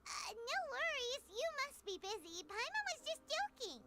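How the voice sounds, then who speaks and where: Picture a tiny floating fairy girl from a video game, bubbly and squeaky, her voice shooting sky-high and bouncing all over the place. She chatters about herself by name. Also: sing-song, moderate pace, very noisy. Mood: chirpy.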